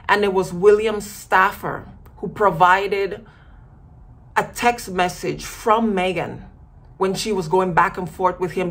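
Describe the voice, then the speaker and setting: A woman's voice: mid-range voice, a bit bright, a little hiss or hum. A woman giving a casual commentary monologue as a vlogger, emphatic and acting out quoted voices.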